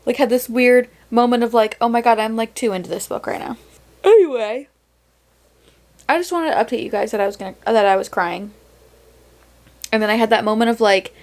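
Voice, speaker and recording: A young woman vlogging casually about a reading challenge, chatty and dramatic about how the books make her feel. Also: a little high. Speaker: book vlogger. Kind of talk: casual vlog chat.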